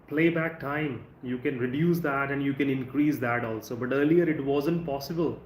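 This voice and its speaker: A man with an Indian English accent teaching English in a live stream, speaking conversationally and drawing out words slowly to show word stress. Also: on the high side, darkish tone. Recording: echoey room with faint ambient noise.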